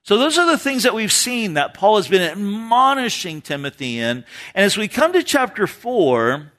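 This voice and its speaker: Male pastor preaching to his church, high voice, lots of rise and fall, earnest. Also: sing-song, moderate pace, fairly bright tone. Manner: earnest teaching sermon with scripture reading. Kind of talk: sermon. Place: church sanctuary with a live congregation.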